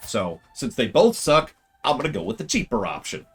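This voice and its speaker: A man giving casual gameplay commentary on a stream, his voice rising and falling in a lively, animated way. He jokes a lot and sarcastically talks back to the game's characters. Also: medium pitch, fast, gravelly, few pauses, slightly rough, faint music behind.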